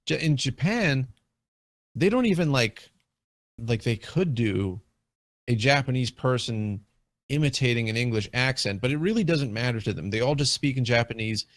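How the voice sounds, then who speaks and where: A man appears as a guest in a casual video game discussion, talking at length with many fillers and restarts. His voice is medium-pitched with lively intonation, at a normal speed. There's no echo.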